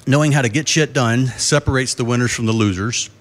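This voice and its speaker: Speaking a little fast in a medium-pitched voice, this middle-aged keynote speaker addresses a live conference crowd. Folksy humor and questions for the audience run through his talk.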